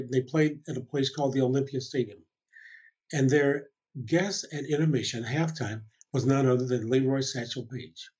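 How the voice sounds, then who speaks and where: A man's voice: mid-range voice, slightly rough, lo-fi sound. Older man telling a chuckling story. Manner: warm anecdotal storytelling with chuckles and quoted voices. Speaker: interview guest. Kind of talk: storytelling in a conversation.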